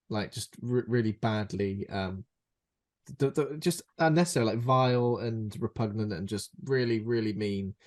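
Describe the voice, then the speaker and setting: A man's voice: medium pitch, a little mellow. Male co-host, loose and rambling, hunts for words. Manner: rambling, searches for words with fillers. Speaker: podcast co-host. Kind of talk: casual film recap chat.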